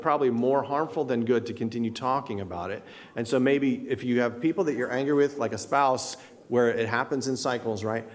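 A man giving a conversational sermon as pastor, animated and acting out people's inner thoughts. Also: medium pitch. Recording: long hall reverb.

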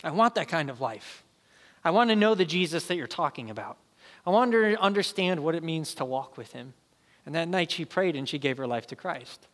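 Brief: male pastor in his thirties, sermon storyteller, bright tone, long hall reverb. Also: on the high side, fairly quick. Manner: animated storyteller, acts out voices.

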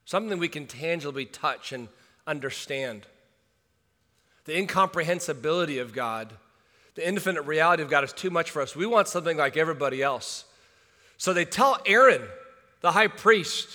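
A male pastor preaching a sermon, swinging from hushed asides to shouted urgency. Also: sits high, lively intonation, moderate pace. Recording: long hall reverb.

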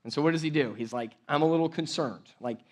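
A man delivering a sermon in a fairly high voice. He talks in a loose, conversational way, restarting phrases and checking in with his listeners. His energy rises as he walks through the passage. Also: fast talker. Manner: conversational, rambling with restarts and "like, right?". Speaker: pastor.

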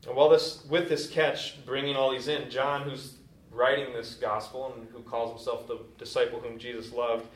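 A pastor delivers a sermon, telling a story in a loose, conversational way. His voice is medium-pitched and flat at a normal speed. A distant mic in an echoey room picks him up.

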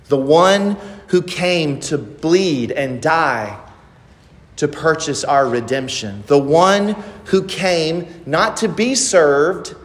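A male pastor preaching a sermon, emphatic and full of rhetorical questions. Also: fairly high pitch. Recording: long hall reverb.

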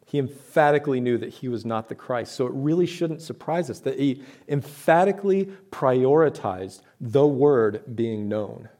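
A man's voice: mid-range voice, lively intonation, normal speed, hardly any pauses, mellow. A man preaching a sermon to his church, talking in a conversational way with rhetorical questions and emphatic points. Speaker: pastor.

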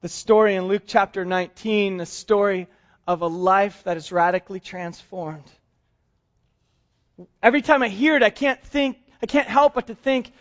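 A male pastor preaching a sermon, telling a story and acting out its quotes in soft, hushed tones. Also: sits high, normal speed, lo-fi sound.

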